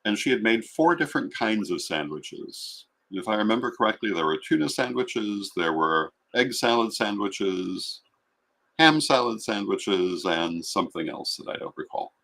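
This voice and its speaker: Gravelly, lively-voiced middle-aged man. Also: lowish voice, moderate pace. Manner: reflective, storytelling. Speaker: guest. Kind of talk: casual chat.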